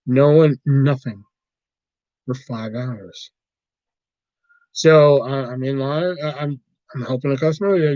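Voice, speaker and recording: A young man telling a work story casually, animated and profane, laughing now and then. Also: mid-range voice, slow, pauses often, no echo. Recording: dull dry lo-fi recording.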